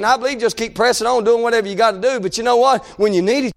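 A man preaching a sermon, impassioned, often shouting and crying out between conversational asides. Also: very high-pitched, steady tone, very fast.

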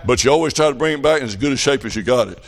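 A man's voice: medium pitch, animated, racing. A man preaching a revival sermon, telling folksy country stories with fervent emphasis. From rural farm upbringing.

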